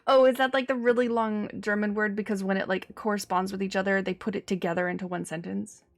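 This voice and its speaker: A woman's voice: medium pitch, steady tone, fast talker. A woman from Cyprus, streaming a game in casual chat, talkative, laughing often and replying to her chat. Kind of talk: casual chat while gaming.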